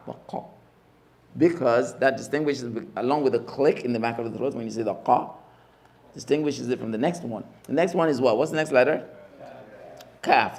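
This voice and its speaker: A man teaching Arabic letters in a mosque class, slowly drilling each sound and repeating the spelling emphatically. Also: medium pitch, a little mellow. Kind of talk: classroom lesson.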